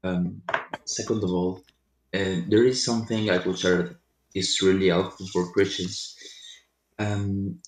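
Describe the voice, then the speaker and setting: A caller speaks hesitantly into a live stream, apologizing and filling pauses with ums. His voice is very deep, and the remote line sounds echoey and roomy. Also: a little mellow. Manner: hesitant, apologetic, many fillers. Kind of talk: call-in question.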